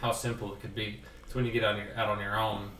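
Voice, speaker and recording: A man co-hosting a podcast in casual chat, matter-of-fact and quick. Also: lowish voice, little pitch movement, bright, forceful tone. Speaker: podcast co-host. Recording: roomy, distant mic with faint hiss.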